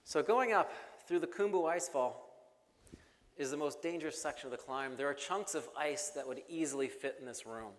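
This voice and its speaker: A man's voice: on the high side, fairly quick. A young man giving a keynote speech, telling a gripping, humorous story with jokes. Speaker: keynote speaker. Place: large banquet hall. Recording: hall reverb with faint music.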